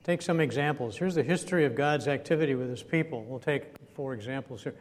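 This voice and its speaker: Male preacher, mid-pitched, chatty teaching sermon, recorded in a reverberant hall. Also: fast talker. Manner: chatty, asks the audience questions, chuckles now and then. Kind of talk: conversational sermon. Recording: echoey hall with faint rumble.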